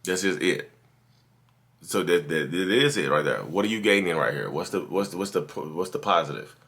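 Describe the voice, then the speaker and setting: A man whose voice sits low yet sounds animated and fairly bright talks at a moderate pace. Hosting a podcast from his office, he preaches casual advice straight at his listeners, repeats his points, and calls them "y'all."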